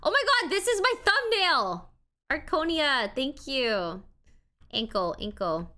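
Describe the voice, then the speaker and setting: A woman live streamer in casual chat, with a voice pitched a little above the usual. She is excitable, jumps from loud outbursts to low mumbles, and keeps thanking people warmly. She gets playfully defensive when teased. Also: slow pace. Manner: warm and grateful, thanking people one after another.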